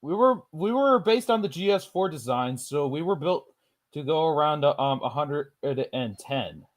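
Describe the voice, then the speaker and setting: A man's voice: on the high side, lively intonation, normal speed. A man chatting casually with a friend while playing a game, laughing often and rambling loosely. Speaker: streamer. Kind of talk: casual gaming chat.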